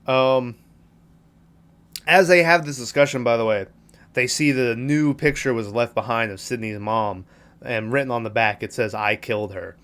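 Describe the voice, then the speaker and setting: On a podcast, a male host casually retells a film in a profane, rambling way, swearing and performing the characters' lines. His voice is medium in pitch and normal in speed, a bit bright and clean.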